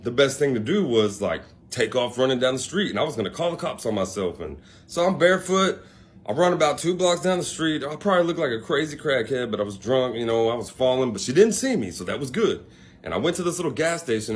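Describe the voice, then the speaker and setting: A man's voice: mid-range voice, big pitch swings, fast. A young man casually telling a personal story to the camera, rambling with many fillers and asides. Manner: rambling, laid-back, lots of fillers and asides.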